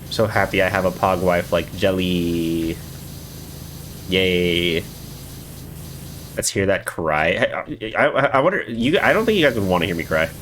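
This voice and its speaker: A man's voice: deep voice, lively intonation, unhurried, long pauses, fairly bright tone, a little hiss or hum. A man streaming live, chatting casually with viewers in a rambling, swearing way with lots of filler words.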